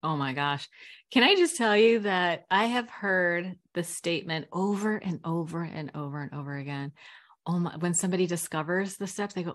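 A middle-aged woman with a slightly low voice chats on a podcast as a recovery coach. She is frank and animated and laughs easily. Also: moderate pace. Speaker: guest, recovery coach and speaker. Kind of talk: casual chat on a podcast.

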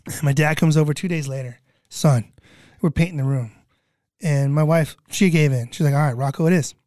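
A middle-aged man, a podcast guest, telling a family story in a casual, animated way and acting out the voices of the people in it. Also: on the high side, brisk, dry recording, clean studio sound. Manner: animated, acts out quoted voices.

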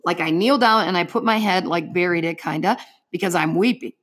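A middle-aged woman with a fairly low, husky, fairly bright voice speaks briskly as an interview guest. She gives an earnest personal faith testimony, telling her story vividly in the present tense.

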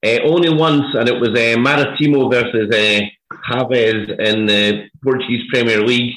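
A man's voice: medium pitch, fairly even intonation, moderate pace, a bit bright. A Scottish man in casual podcast chat, telling an anecdote with many hesitant fillers. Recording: roomy echo.

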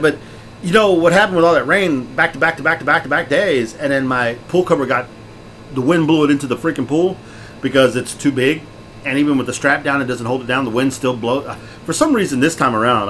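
A middle-aged man co-hosting a podcast, loud, jokey and excitable, laughing often. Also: mid-range voice, fast. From Texas. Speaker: podcast co-host. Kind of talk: casual chat. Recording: faint background noise.

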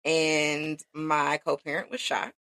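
Low-voiced woman podcast co-host. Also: level tone, takes it slowly, creaky, fairly bright tone, dry recording. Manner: supportive, conversational, with frequent "like". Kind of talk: casual podcast chat.

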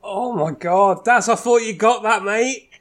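A man's voice: high voice, measured pace, a bit bright. A man hosting a casual quiz chat with friends, joking and teasing as he reads out scores. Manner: jokey, laughing, teasing quiz host. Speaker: host.

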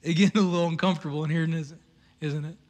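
High bright guy preaching, chatty asides, big echoey hall. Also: very fast. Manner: animated, conversational preaching with asides and laughs. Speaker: pastor. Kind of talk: sermon.

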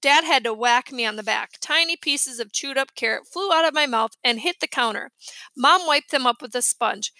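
A woman reading a children's chapter book aloud with lively storytelling. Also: high voice, normal speed, no echo. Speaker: reader.

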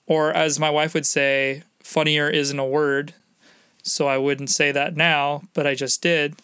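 Man, 30s, solo podcast host; bright, smooth voice, unhurried, close dry mic. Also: on the high side, no room sound. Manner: upbeat, conversational, uses slang. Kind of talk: casual solo podcast talk.

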